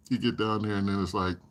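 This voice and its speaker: A man casually telling stories on a live stream, chuckling often and acting out other people's lines. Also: fairly low pitch. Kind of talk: casual storytelling.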